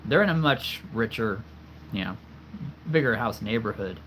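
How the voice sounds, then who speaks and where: A man's voice: lowish voice, animated, normal speed, fairly bright tone, a little hiss or hum. A man chatting casually on a livestream, answering viewers with frequent laughter while losing his voice. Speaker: livestream host.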